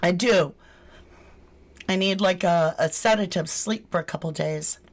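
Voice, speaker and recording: A woman's voice: lowish voice, unhurried, a little hiss or hum. A woman hosting a true crime channel, chatting casually with live viewers, greeting them and reading their names aloud, with casual swearing. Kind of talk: casual livestream chat.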